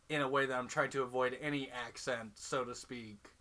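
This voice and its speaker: A man's voice: mid-range voice, moderate pace, hardly any pauses, bright, forceful tone. A young man in casual chat about films, playfully quizzing and teasing his co-host.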